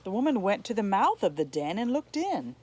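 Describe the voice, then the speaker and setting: A woman reading a novel chapter aloud in slow, expressive storytelling. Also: mid-range voice, breathy edge, rough recording. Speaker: audiobook reader.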